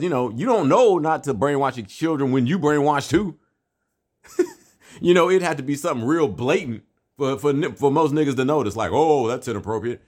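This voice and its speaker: A man's voice: fairly high pitch, dry recording, studio quality. A man talking in a casual, profane, rambling monologue, filling his talk with "you know what I'm saying" and breaking into laughs. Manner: animated, often laughing between points.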